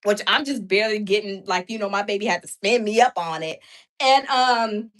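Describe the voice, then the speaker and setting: A woman's voice: medium pitch, normal speed, fairly bright tone. A woman hosting a live stream, chatting animatedly with her viewers and often breaking into laughter. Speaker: livestream host. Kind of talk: casual live-stream commentary.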